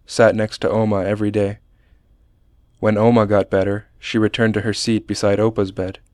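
A man reading a personal memoir aloud in a measured, understated manner. His voice sits low and stays flat and even, smooth and clear, with a dry, close sound. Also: no echo. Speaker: narrator.

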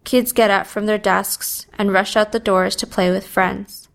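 A woman reading a first-person story aloud in a subdued, even manner. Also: medium pitch, gravelly. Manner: slow, even, subdued delivery. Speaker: narrator.

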